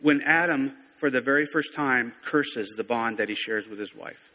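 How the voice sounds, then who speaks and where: A man's voice: medium pitch, normal speed, pushed and bright. A man preaching a sermon in a conversational, folksy way, often correcting himself mid-sentence. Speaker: pastor. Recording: long reverb of a large hall.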